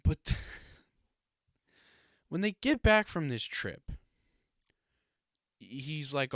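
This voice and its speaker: A man's voice: fairly high pitch, sing-song, drawn-out words, pauses often, fairly bright tone, no echo, clean studio sound. A man hosting a solo podcast in a casual, rambling way, swearing freely and laughing often. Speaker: podcast host.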